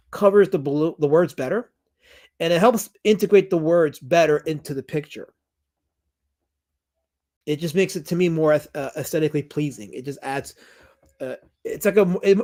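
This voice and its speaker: A man's voice: on the high side, a little mellow. A man hosting a casual livestream, reading out chat comments and rambling with many restarts and fillers.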